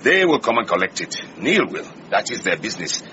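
A man's voice: fairly low pitch, very animated, fairly quick, pushed and bright, a little hiss or hum. A man acting a sensible garage mechanic and boss in a radio drama, firm and level-headed. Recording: dull lo-fi radio drama recording.

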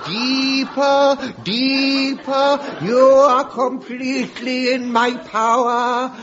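An actor playing a scheming, theatrical male hypnotist villain in a radio comedy sketch, with a hammy, drawn-out delivery. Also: very high-pitched, little pitch movement, exaggerated voice. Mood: menacing hammy. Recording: dull old radio broadcast with loud hiss. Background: studio audience laughter.

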